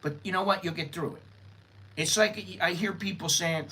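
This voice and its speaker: A man's voice: on the high side, normal speed, pushed and bright, poor audio. A middle-aged American man hosting a casual livestream, talking bluntly and rambling, with casual swearing. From United States. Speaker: live-stream host. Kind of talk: casual news-and-views livestream.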